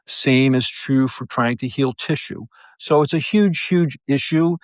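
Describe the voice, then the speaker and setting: A man with a medium-pitched voice appears as a podiatrist guest in an interview, telling stories earnestly and animatedly at a measured pace while often restarting his sentences. The slightly muffled recording is dry, with no room sound.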